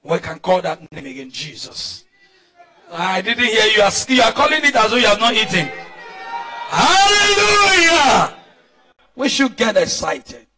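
Nigerian male pastor, fervent sermon, very high voice, calls for answers. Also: expressive, moderate pace. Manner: fervent preaching, often shouting and calling for responses.

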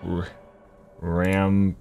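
Over music, this gaming YouTuber works through a word game out loud, mumbling fragments and guesses and laughing at himself a lot. He speaks extremely slowly in a low, monotone voice, and the audio has a phone-quality sound.

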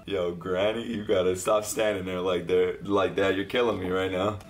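A young man hosting an anime reaction video, talking excitably, swearing freely and often laughing. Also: deep voice, moderate pace, soft background music. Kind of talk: live reaction commentary.

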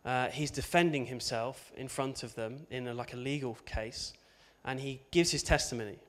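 A man's voice: mid-range voice, moderate pace, fairly bright tone. A man preaching an informal sermon, conversational and chatty, with asides and tag questions.

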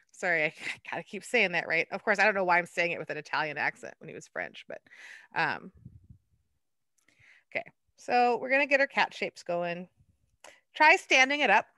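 A woman art docent leading a hands-on clay lesson, chatty and quick to laugh at herself. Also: medium pitch, pushed and bright, dry recording.

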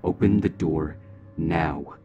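A man's voice: rumbling low, slow pace, breathy edge, highs cut off, soft background music, exaggerated voice. A man voicing a monster that pretends to be a young stallion boyfriend and talks in a coaxing, pleading way. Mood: menacing. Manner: pleading, then threatening.

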